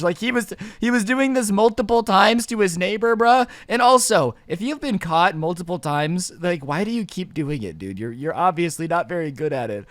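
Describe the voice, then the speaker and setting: Brief: young man, higher voice, slangy and animated storytime teller, dry close sound. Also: brisk, hardly any pauses, no room sound. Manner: animated, laughing often, slangy asides. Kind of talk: casual storytime monologue.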